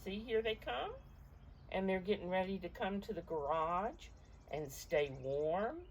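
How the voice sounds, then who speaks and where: A woman reading a picture book aloud to preschoolers, gentle and expressive, pausing to point out the pictures. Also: mid-range voice, slight background noise, low-quality recording. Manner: gentle, expressive storytelling voice with pauses to explain pictures. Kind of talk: storytime read-aloud.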